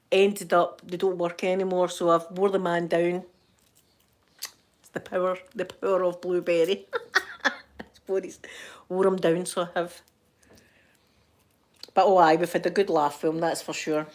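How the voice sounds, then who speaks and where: An older woman with a Scottish accent chatting casually to her viewers at home. She rambles through stories with frequent laughter and fond asides. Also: lowish voice. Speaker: vlogger. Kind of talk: casual chat to camera.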